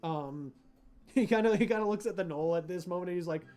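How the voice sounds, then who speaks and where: A man's voice: on the high side, a little fast, mellow, soft background music. A man narrating as game master in a tabletop game. His narration is loose and casual, full of fillers and restarts.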